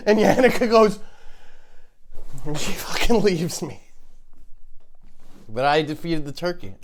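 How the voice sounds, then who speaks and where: A man telling absurd comic stories on a podcast, cursing, laughing at his own jokes, and swinging between hushed muttering and shouting. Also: a little high, big pitch swings, a little slow, pauses often, a little hiss or hum. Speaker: comedy podcaster. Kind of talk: absurd storytelling monologue.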